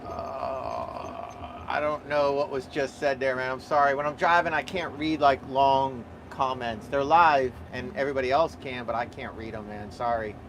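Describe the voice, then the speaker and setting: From the cab of his dump truck, a man vlogs live while driving, rambling, joking and thinking aloud with fillers in an easygoing way. His voice is medium in pitch with fairly even intonation and a moderate pace. A small camera or phone mic in the cab picks up faint truck engine noise.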